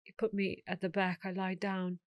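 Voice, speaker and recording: A woman's voice: mid-range voice, monotone, normal speed, no echo. A middle-aged woman, a guest telling her life story in an interview, acting out the voices of the people she quotes.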